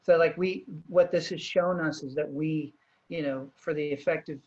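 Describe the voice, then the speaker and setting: A man's voice: a little high, fairly even intonation, normal speed, darkish tone, dull audio. A man hosting a video call interview, thinking aloud with many restarts and fillers. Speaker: host.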